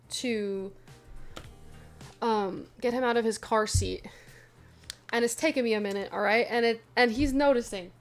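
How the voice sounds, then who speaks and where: A young adult woman casually chatting to her viewers, telling a funny story with lively asides. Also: medium pitch. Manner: chatty, animated retelling with asides. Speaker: vlogger.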